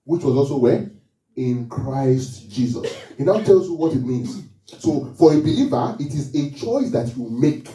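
A man preaching to a congregation, with a very dark, mellow voice that swings lively up and down. He fires rhetorical questions, then repeats the key phrase for weight. He is heard from some distance in a roomy, echoey church hall. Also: mid-range voice, measured pace. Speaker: pastor. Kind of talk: sermon.

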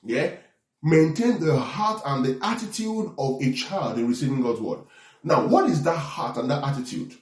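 Animated male preacher, echoey room. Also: fairly high pitch, moderate pace, recorded from a distance. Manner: animated preaching with call-and-response asides. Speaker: pastor. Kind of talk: sermon.

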